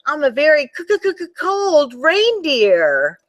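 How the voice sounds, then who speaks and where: A woman's voice: high voice, wildly swooping pitch, a little slow, no echo, lo-fi sound, voice pushed up, heavily acted. A woman voicing a friendly young reindeer who stutters from the cold, reading a picture book aloud. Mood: shivery.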